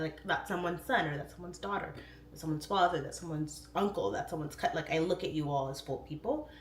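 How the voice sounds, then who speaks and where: A middle-aged woman hosting a livestream, rambling casually and swooping into high voices when she quotes herself. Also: reverberant. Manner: chatty, rambling, warm-hearted talk with frequent "like" fillers. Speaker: livestream host. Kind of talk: casual chat. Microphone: phone or webcam.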